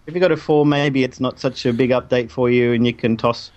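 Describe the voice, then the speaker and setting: A man's voice: medium pitch, steady tone, fairly quick, darkish tone, lo-fi sound. A man, co-hosting a casual tech chat, rambling with plenty of fillers. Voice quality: rambling, hesitant, lots of fillers. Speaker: tech podcast co-host.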